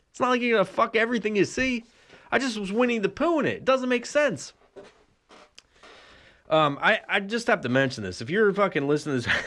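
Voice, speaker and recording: A man's voice: high voice, fairly bright tone. A man hosting a solo podcast, telling a rambling, profane comic story and laughing often. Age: adult with a son. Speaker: podcast host.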